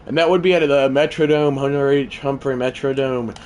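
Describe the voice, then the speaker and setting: A man livestreaming a baseball video game, chatting to viewers and shouting when big hits land. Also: mid-range voice, brisk, background noise. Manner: excitable, swings from mumbled asides to shouted play calls. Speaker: gaming livestreamer. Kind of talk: live gameplay commentary.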